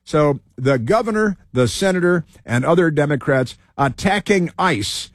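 A man's voice: on the high side, animated, a little slow, no room sound, clean studio sound. A man hosting a talk radio show, giving sarcastic, combative commentary over news clips and repeating phrases for emphasis.

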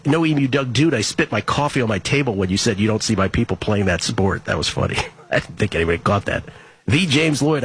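A man's voice: mid-range voice, breathy edge. A man hosting a sports betting show, reading listener tweets aloud in a casual, wry, joking way. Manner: wry, joking, reads names and stats quickly.

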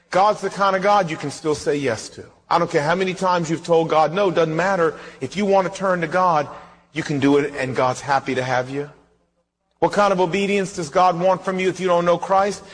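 A male pastor delivers a sermon in a fairly high, husky voice. He drives his points home with emphatic rhetorical questions and acts out his stories. The sound rings with the long reverb of a large hall. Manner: emphatic preaching with rhetorical questions and acted-out anecdotes.

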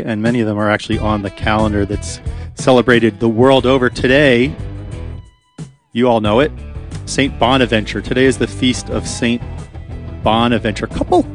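Chatty male radio host. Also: mid-range voice. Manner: chatty, rambling with fillers. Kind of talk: casual radio talk. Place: radio studio.

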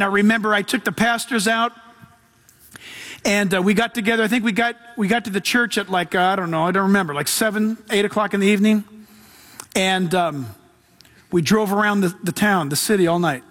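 A man with a notably high voice preaches to his congregation. He talks in a relaxed, animated way, full of slang and quick asides. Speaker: pastor. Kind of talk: sermon.

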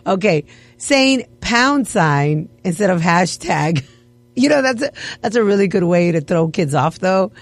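A woman's voice: lowish voice, a little slow, no echo. A woman radio host chatting casually, laughing and playfully acting offended. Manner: animated, laughing, mock-offended. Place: radio studio. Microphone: studio mic.

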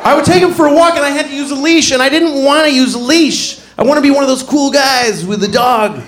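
A man doing stand-up comedy, telling a story in an animated way and jumping into high voices to act out scenes. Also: brisk. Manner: animated, acts out voices with big pitch jumps. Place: comedy stage before a live audience. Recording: echoey venue with audience noise.

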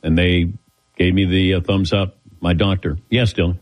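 A man's voice: sits low, flat delivery, moderate pace, low-quality recording. A man hosting a show, telling a long rambling story in a casual way and acting out the voices of people he quotes. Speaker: show host.

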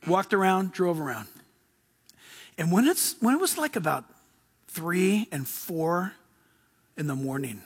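A middle-aged male pastor giving a sermon in a casual, excitable, slangy way. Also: sits high, slow, long pauses, breathy edge.

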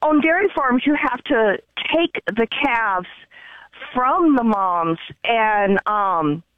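A woman's voice: a little high, animated, takes it slowly, dry recording. A woman calling in to tell a story, in a chatty way that repeats herself. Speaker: caller. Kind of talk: casual phone-in storytelling. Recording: dull muffled phone line.

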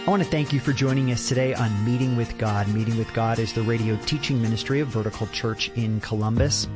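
Earnest radio ministry host over guitar. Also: male voice, mid-range voice, brisk. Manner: inviting, earnest. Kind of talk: scripted radio introduction.

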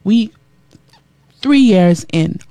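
A woman radio host preaching to listeners in a lively, repetitive style, reading out their texted comments. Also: medium pitch, extremely slow, no echo. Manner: animated preacherly delivery, repeating phrases, reading comments aloud. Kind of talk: preaching talk show with listener texts.

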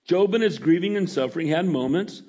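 A man's voice: on the high side, a little fast, dark tone. Conversational preacher man asking for amens. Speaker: pastor. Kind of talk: sermon.

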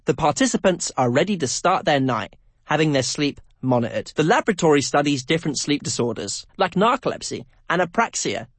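Husky lively male documentary presenter. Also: a little high, brisk, no room sound. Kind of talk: scripted documentary narration.

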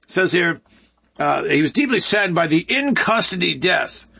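Man, sixties, high husky voice, rambling sarcastic news commentary. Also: sing-song, normal speed, sharp tone. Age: 60s. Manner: sarcastic, rambling, mock voices for quoted people. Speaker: commentary show host.

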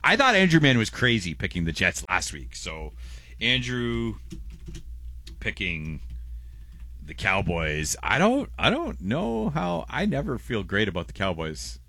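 Low-voiced man rambling on morning radio. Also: wildly swooping pitch, a little slow, sharp tone. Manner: rambling, stammers and restarts, laughs often. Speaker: radio show co-host reading listener messages. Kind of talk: casual radio banter.

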